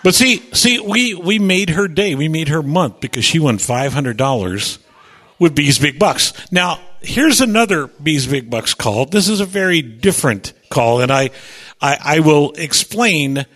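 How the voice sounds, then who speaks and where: A man hosting a radio show, chatty and animated as he tells stories, often stumbling over repeated words and slipping into voices. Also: on the high side, unhurried. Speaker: radio host. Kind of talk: animated on-air storytelling. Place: radio studio.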